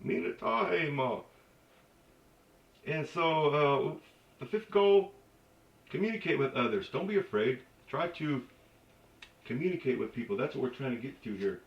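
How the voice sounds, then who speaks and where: A man giving a casual spoken language lesson, halting with many fillers and restarts and dropping joking asides. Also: mid-range voice, lively intonation. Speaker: language teacher. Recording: echoey dull recording from a distance.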